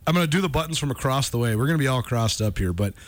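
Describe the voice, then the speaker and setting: A man hosting a sports radio show, talking in a casual, energetic way and saying "man" often. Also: mid-range voice, racing.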